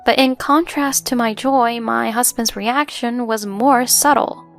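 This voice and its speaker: A woman's voice: fairly high pitch, fairly even intonation, unhurried. A woman narrating a first-person story in an earnest, emotional way, with faint music behind.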